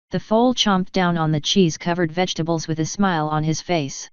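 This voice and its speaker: A woman reading a fanfiction story aloud in steady storybook narration. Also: fairly low pitch, brisk, few pauses, clear, resonant tone, dry recording. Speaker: fanfiction reader. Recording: dry, slightly muffled recording.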